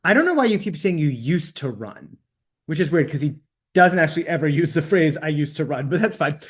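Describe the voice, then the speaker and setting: A man's voice: animated, slightly rough. Theatrical, profane podcast co-host man. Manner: theatrical, profane, quick swings in pitch. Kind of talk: casual book-club chat.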